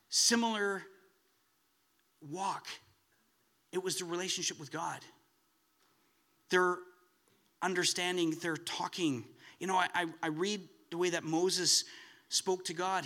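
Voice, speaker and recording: Bright, lively male preacher. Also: fairly high pitch. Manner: animated, rising to excited emphasis. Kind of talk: sermon.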